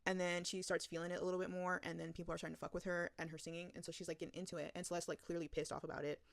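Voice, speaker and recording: A young woman giving a casual, profane movie recap, talking rapidly and scattering "like" everywhere. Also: fairly low pitch, little pitch movement, gravelly, no room sound.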